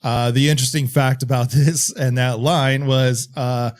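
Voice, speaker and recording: A man with a mid-range voice, talking casually on a horror podcast. He shares behind-the-scenes movie trivia in an easygoing way, pausing to find names. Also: mid-range voice. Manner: relaxed, shares trivia with hesitations. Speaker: podcast co-host.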